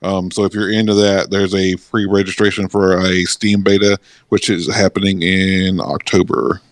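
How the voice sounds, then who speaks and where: A man chatting casually on a podcast panel, low-key and hesitant. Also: flat delivery, moderate pace, no room sound. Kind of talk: casual chat.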